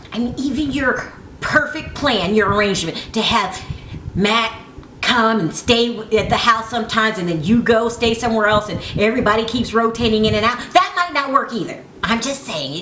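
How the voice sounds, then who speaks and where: Woman vlogger, opinionated gossip chat, bright tone, slightly high voice, roomy echo. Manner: chatty, opinionated, animated asides. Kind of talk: casual gossip commentary to camera. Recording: echoey room with faint ambient noise.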